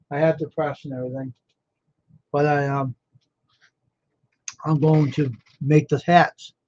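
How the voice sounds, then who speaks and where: A man's voice: on the high side, darkish tone, lo-fi sound. A tired man hosting a casual livestream, rambling about his screen printing work and talking to viewers by name in a self-assured way. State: tired and yawning.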